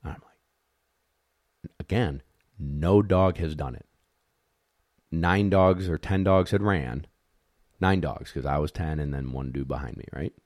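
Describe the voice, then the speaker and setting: A man who handles retriever dogs, telling a competition story in a casual, animated way, acting out the dogs and judges, blunt and swearing a little. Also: very deep voice, takes it slowly, long pauses, dry recording, clean studio sound.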